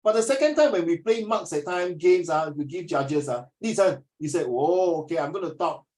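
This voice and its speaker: A man's voice: high voice, normal speed, darkish tone, low-quality recording. A man with a Singaporean English accent tutoring a class, teasing his students and then lecturing them seriously.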